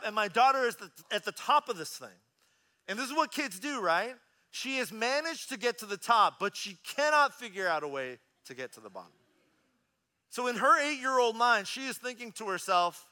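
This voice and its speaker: A man in his thirties preaching a sermon as a pastor, telling a personal story in an animated, conversational way. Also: sits high, moderate pace.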